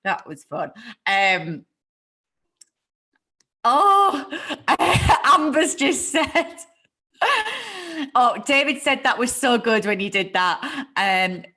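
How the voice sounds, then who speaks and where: A woman with a northern English accent hosting a casual livestream chat over a video call, chatty and quick to laugh. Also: on the high side, sing-song, pushed and bright. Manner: chatty, laughs often, restarts sentences. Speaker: host.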